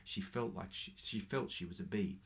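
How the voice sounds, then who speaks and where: A man reading a short story aloud in a steady, measured way. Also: sits low, creaky. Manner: steady, measured, with small slips. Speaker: reader.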